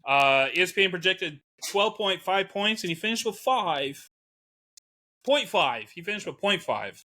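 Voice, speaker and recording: Bright, lively man co-hosting a casual chat. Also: high voice, moderate pace. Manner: animated, laughs often, reads out stats. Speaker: co-host.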